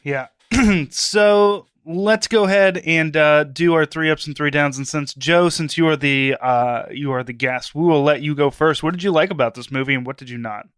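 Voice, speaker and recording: A male podcast host moderating the discussion and handing the floor to a guest in a relaxed way. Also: on the high side, moderate pace, clean tone, no echo, clean studio sound.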